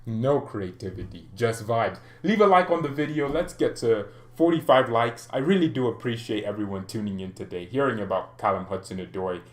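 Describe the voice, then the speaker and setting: A man's voice: medium pitch, lively intonation, fairly quick, hardly any pauses, reverberant. A man hosting a fan channel, chatting casually on a live stream, joking, ranting and answering viewer comments with frequent laughs. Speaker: football fan channel host.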